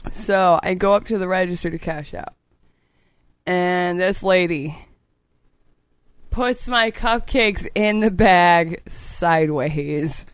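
A woman's voice: fairly low pitch, slow pace, clear, resonant tone, no echo, clean studio sound. A young woman co-hosting a podcast, telling a story in a casual, profane way and acting out her own anger. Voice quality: animated, swears a lot, acts out her own anger. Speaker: podcast co-host.

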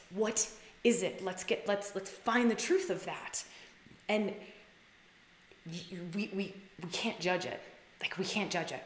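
A woman hosts a casual live stream and talks straight to viewers, gushing and emphatic. She leans on "like" and swears freely, and her voice jumps up whenever she gets excited. The sound is roomy, with a lot of echo around her. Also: fairly low pitch, slight background noise. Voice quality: heavy use of "like" and restarts, swears freely. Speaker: livestream host coaching women. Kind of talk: casual live-stream talk, reading out comments.

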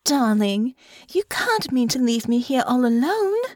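A woman's voice: on the high side, big pitch swings, a little slow, dry recording, clean studio sound, pitched above the performer's own voice. A woman reading an audiobook, voicing a clingy, dramatic young noblewoman in a raised voice. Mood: dismayed.

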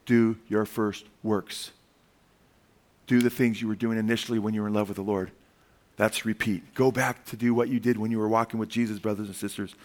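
A pastor delivers an animated sermon, his voice on the low side and a little quick. He calls out "amen?" to the congregation and performs the voices of people in his stories.

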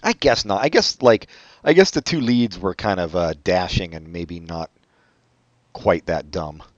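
Deep-voiced deadpan man, dry muffled sound. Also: a little slow, no echo. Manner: deadpan, sardonic asides. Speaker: podcast co-host. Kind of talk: casual chat.

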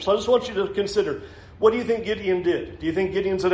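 A man preaching in a roomy church with a strong echo. His voice sits high for a man, and he stays animated throughout, laughing as he plays out each figure in the story. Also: fast. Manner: animated, laughs often, acts out voices in the Bible text. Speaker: pastor. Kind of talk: sermon.

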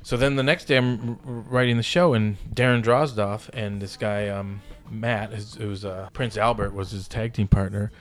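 A man's voice: fairly low pitch, fairly even intonation, moderate pace, hardly any pauses, faint music behind. A man in his fifties telling stories as a podcast guest, rambling and swearing casually. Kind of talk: casual storytelling in a podcast interview.

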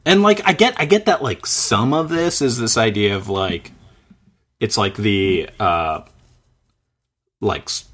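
A man's voice: on the low side, unhurried, pauses often, fairly bright tone. A man in his thirties chatting casually, rambling and searching for words with lots of filler. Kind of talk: casual chat.

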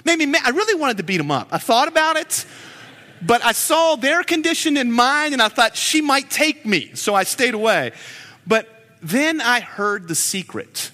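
A man in his forties preaching a sermon as a pastor, telling stories in an animated, joking way. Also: very high-pitched, normal speed, in a large hall. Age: 40s.

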